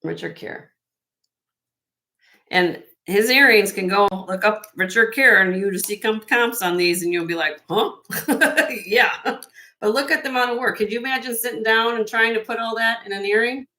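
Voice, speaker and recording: Selling vintage jewelry on a live stream, a woman with a Midwestern accent chats enthusiastically as she presents each piece. Her voice is on the high side and sharp in tone, at a moderate pace, and the recording is rough.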